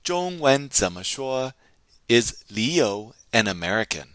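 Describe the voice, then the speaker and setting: A man teaching a recorded language lesson, slowly and clearly modeling phrases and repeating them for students to practice. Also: medium pitch, very animated, fairly bright tone, no echo.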